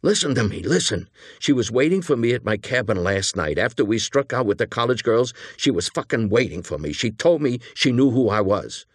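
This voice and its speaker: Jittery, eager young hitman voiced by a male narrator, pitched up and animated, dry close audiobook sound. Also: slightly rough, no room sound. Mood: nervous pleading. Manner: earnest, pleading, talking fast.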